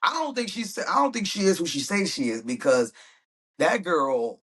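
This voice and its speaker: A man's voice: sits high, sing-song, moderate pace, fairly bright tone, slightly rough, voice pushed up, full character voice. A man voicing a blunt male train worker who talks in a slangy, conspiratorial way. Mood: confiding.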